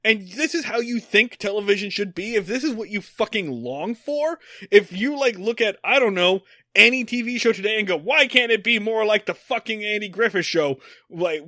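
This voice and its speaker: Angry podcast dude, high bright voice, swings all over, dry close sound. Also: male voice, no echo. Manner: angry, profane, emphatic ranting. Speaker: podcast co-host. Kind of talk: ranting comedy podcast chat.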